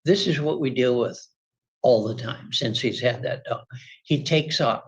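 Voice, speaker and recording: A man testifying at a court hearing, telling his side with lively acted-out quotes of shouting. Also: medium pitch, normal speed, breathy edge, poor audio. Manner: animated, acts out quoted shouting.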